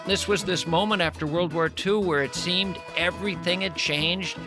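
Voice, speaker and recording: A man's voice: sits high, fairly even intonation, moderate pace, music in the background. A man hosting a radio talk show, musing thoughtfully in long, winding sentences as he interviews a guest. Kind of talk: conversational interview.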